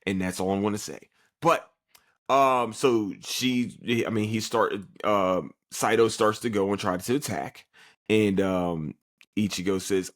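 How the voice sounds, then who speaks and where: A man hosting a podcast, casually recapping an anime episode with lots of swearing and quick put-on character voices. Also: fairly low pitch. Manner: animated storyteller who acts out characters in quick put-on voices; swears freely, loose and joking.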